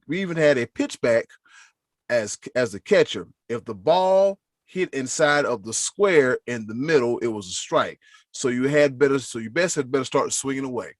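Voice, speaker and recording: A man's voice: mid-range voice, no echo. A man hosting a casual sports podcast, playfully reading listener answers aloud with emphasis.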